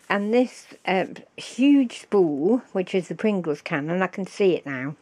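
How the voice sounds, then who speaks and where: A woman, slow and fond, showing off a handmade craft gift on her vlog and gasping with delight. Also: lowish voice, expressive, darkish tone. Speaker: crafting vlogger. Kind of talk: casual show-and-tell of a craft gift.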